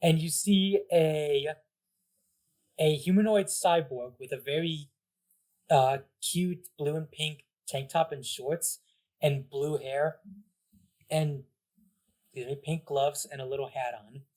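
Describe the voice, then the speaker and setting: A man's voice: fairly high pitch, fairly even intonation, slow pace, pauses often, darkish tone. Guy running a tabletop game, laid back, lots of likes and uhs. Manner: casual, laughing, filler-heavy. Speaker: game master.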